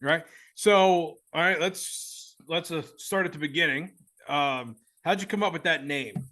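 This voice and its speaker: Man, Southern US twang, bright and a bit high, excitable rambling podcast host. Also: measured pace. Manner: excitable, laughs a lot, rambling. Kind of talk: casual chat.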